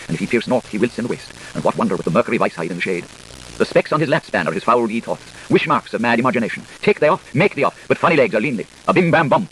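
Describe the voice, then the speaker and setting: Rapid, lively man reading aloud. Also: mid-range voice, slight background noise, low-quality recording. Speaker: reader. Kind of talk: fast literary reading aloud.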